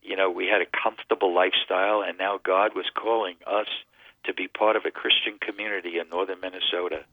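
A man calling in over a thin, tinny phone line tells his testimony as an earnest storyteller. His voice sits on the low side. The sound is dry and close. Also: steady tone, fairly quick, no room sound. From Connecticut. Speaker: radio guest. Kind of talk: telling a personal testimony.

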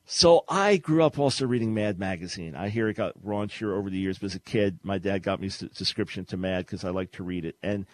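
A man's voice: sits low, fairly quick, hardly any pauses, no echo. An older man from New York with a New York accent, hosting a talk radio show in a casual, sarcastic way and laughing often. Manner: sarcastic, laughs often while telling a story.

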